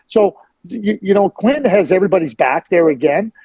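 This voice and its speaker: A man's voice: high-pitched, expressive, normal speed, breathy edge, no echo, muffled recording. A middle-aged man giving blunt, emphatic hockey opinions as a guest on a sports radio interview.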